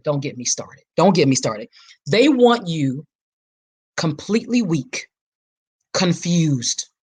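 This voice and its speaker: A woman's voice: lowish voice, husky. A woman in her forties hosting a podcast, talking in an emphatic, preacher-like way and repeating her key phrases. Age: 40s. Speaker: podcast host. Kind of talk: personal reflective podcast talk.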